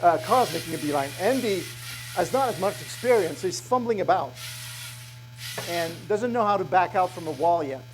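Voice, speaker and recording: A man's voice: high-pitched, expressive, moderate pace, background noise. A man giving a technical conference talk to an audience, hesitant and good-humored, with many fillers and restarts. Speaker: conference speaker. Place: conference room.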